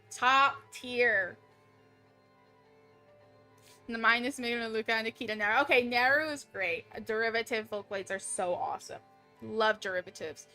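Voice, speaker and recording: A woman's voice: fairly high pitch, sharp tone. A woman streaming games, chatting casually with a bubbly, squealing manner and lots of laughter, into a desk mic. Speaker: VTuber streamer. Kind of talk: casual live-stream chat.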